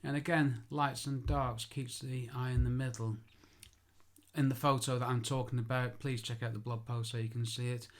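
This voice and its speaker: A man's voice: mid-range voice, level tone, moderate pace. Chatty self-correcting man. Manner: chatty and self-deprecating, corrects himself aloud. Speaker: architectural photographer. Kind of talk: informal spoken tutorial.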